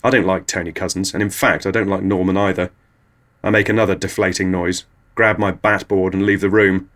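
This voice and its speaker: A low-voiced man narrates surreal comic stories as if they were ordinary news. His delivery stays dry and matter-of-fact throughout. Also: flat delivery, brisk, a bit bright. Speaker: comedy podcast host. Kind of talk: absurdist comic monologue.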